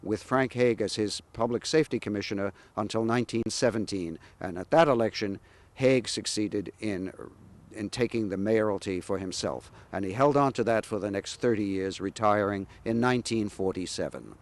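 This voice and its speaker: A man sharing historical anecdotes about local politicians in a measured, pausing way. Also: lowish voice. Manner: measured, anecdotal with frequent "uh" pauses. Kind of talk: historical storytelling.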